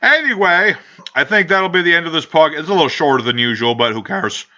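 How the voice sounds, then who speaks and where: A man's voice: fairly high pitch, expressive, fast, bright, forceful tone. A man hosting a casual podcast, rambling and joking with frequent swearing. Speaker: podcast host. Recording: dull lo-fi home recording.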